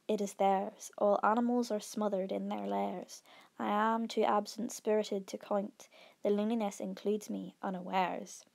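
A woman teacher talking through a poem line by line in a measured, explanatory way, with fillers and small restarts. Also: mid-range voice, gravelly, warm tone. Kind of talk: analysing a poem on a whiteboard recording.

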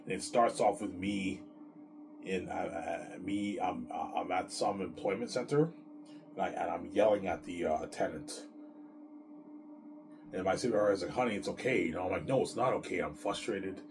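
A man chatting casually on his vlog, rambling excitedly and stumbling over repeated words. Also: sits low, normal speed, creaky, pauses often, noisy background. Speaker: vlogger. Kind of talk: casual chat. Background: music.

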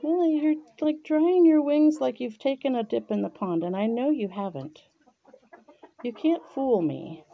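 A woman outdoors in her chicken yard, cooing at and gently scolding her birds as she films them on a handheld camera. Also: high-pitched, lively intonation, unhurried, narrow, tinny audio. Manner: coos and scolds her birds softly, often murmuring. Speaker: vlogger tending her chickens. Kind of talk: casual talk to animals.

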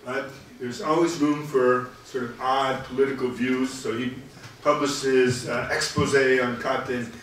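A man delivers a public history lecture in a measured, halting way, pausing often with "uh" between phrases. His voice sits at an ordinary middle pitch. It is picked up from some distance in a very echoey hall with a faint room hum behind it. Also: steady tone, a bit bright.

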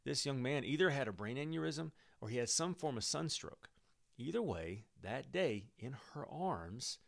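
A man teaching through a Bible passage in an emphatic, animated way, with the odd chuckle. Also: mid-range voice, gravelly.

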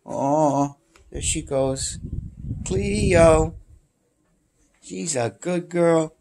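A man's voice: fairly high pitch, drawn-out words, vocal fry, long pauses, darkish tone. A man filming his cat at home with a handheld camera. He coos to her in baby talk, then rambles through a story. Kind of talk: casual home video. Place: home with a screened-in porch.

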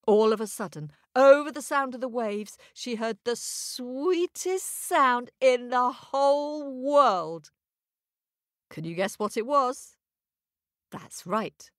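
A woman telling a children's story at a slow, deliberate pace. Her delivery is animated and sing-song. The recording is dry and close. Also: on the high side, no room sound.

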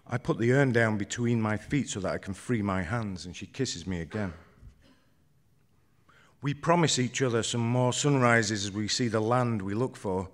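A man reading his own first-person story aloud on stage at a live event, in a measured, understated way. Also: on the low side.

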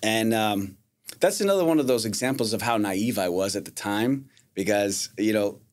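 A man's voice: fairly low pitch, animated, moderate pace. A man, a painter and contractor, telling rambling anecdotes in casual chat and acting out the voices he quotes.

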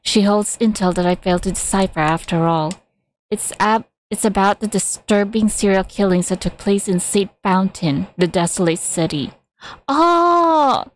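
A woman reading a game's story aloud at a measured pace, now and then stumbling or adding casual asides. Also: mid-range voice, fairly even intonation, darkish tone, poor audio. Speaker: reader of game story.

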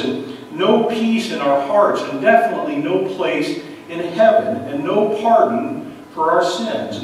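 A middle-aged male pastor preaching with a slightly raised voice, hammering his points home through rhetorical questions and repetition. He is picked up from a distance in a big, echoing church hall with long reverb. A faint hiss of room noise sits behind him. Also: on the high side. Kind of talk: sermon. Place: church sanctuary.

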